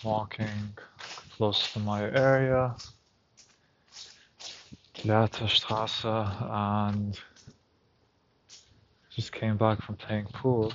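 A man's voice: on the low side, little pitch movement, extremely slow, long pauses, dull audio, slight background noise. A man talking to himself on a night walk outdoors, recounting a story in a reflective, casual monologue. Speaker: vlogger.

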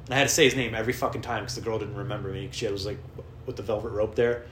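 Man, casual vlogger, rambling and self-mocking, bright tone; roomy recording with faint ambience. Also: on the low side, fairly even intonation, very fast, a little hiss or hum. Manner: rambling, profane, self-deprecating. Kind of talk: casual storytelling.

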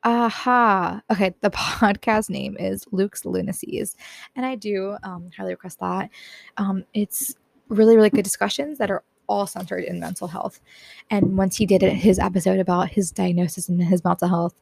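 A teenage girl talks earnestly and gently, tired and close to tears, with frequent self-conscious laughs. Her voice has a slight gravelly edge. It sounds dry and close, with no room around it. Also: mid-range voice, steady tone, moderate pace, dry recording. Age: teens. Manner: earnest, self-deprecating, laughs often, soft-spoken. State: tired and teary. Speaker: podcast host. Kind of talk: personal reflective talk.

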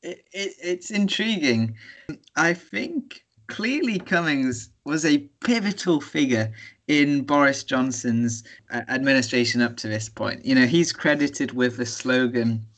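A young man co-hosting a casual student podcast, joking in a dry, playful way. His voice is bright and forceful, at a middle pitch for a man. He is heard over a video call. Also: animated, measured pace. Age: young adult. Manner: dry, playful, repeats words. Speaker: podcast co-host. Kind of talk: casual chat and mock commentary.

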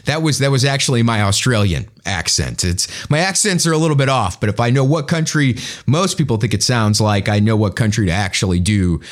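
Man, show host, casual commentary, blunt and sarcastic, very animated pitch. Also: brisk.

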